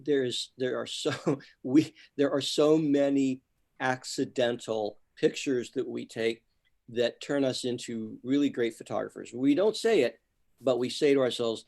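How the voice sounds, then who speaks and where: A man in a photography club talk, giving feedback in a halting way, repeating words as he goes. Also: mid-range voice, fairly even intonation, a little mellow. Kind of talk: casual club discussion. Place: online club meeting.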